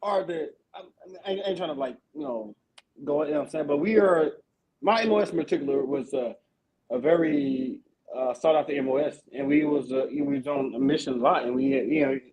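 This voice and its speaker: A man hosting a casual veterans' podcast, telling army stories in a profane, animated way with lots of repeated fillers. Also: fairly high pitch, brisk, crowd noise, poor audio. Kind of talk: casual chat.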